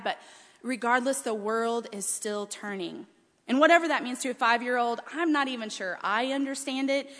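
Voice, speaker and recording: A woman preacher telling a chatty, animated family story during a sermon in a large hall with a balcony. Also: on the high side. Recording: long hall reverb.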